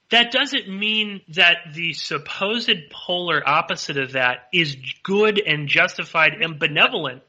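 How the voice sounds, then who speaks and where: A male podcast host feels his way through a political point, pausing and restarting as he goes. His voice sits a little high and sounds very bright. The recording is slightly dull. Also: expressive. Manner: hesitant, many fillers and restarts. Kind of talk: political discussion.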